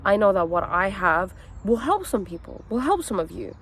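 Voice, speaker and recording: A woman's voice: mid-range voice, normal speed, husky. Earnest young woman telling a personal story. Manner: earnest and animated, with many fillers and "okay?" asides. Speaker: wellness content creator. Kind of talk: candid personal storytelling vlog.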